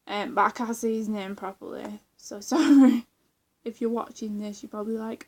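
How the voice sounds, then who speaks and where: A woman's voice: fairly high pitch, fairly even intonation, normal speed, darkish tone. Rambling, giggly young woman. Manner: rambling, giggly, many fillers and restarts. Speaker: vlogger. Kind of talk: casual chat.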